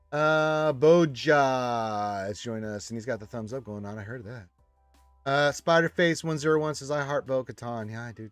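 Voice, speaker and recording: A man of average pitch hosts a casual live stream, reading out viewer comments and answering them in a loose, chatty way. His voice is picked up dry and close on a desk mic, with faint music underneath. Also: very animated, slow, long pauses, no echo. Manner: reads viewer comments aloud and chats back. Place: room with a wall of action figures.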